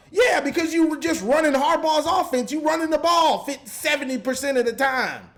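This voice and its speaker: A high-pitched man rants about his team, exasperated and animated. He circles back on the same points again and again. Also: normal speed, hardly any pauses. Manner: exasperated, repetitive, animated with laughs. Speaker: sports commentator. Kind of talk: ranting fan commentary.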